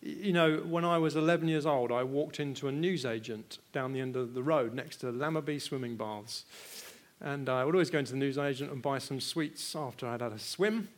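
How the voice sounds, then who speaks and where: A British man preaching a sermon in an earnest way, moving from hushed personal storytelling to loud, pressing rhetorical questions and repeating words when stirred. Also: mid-range voice, fairly quick.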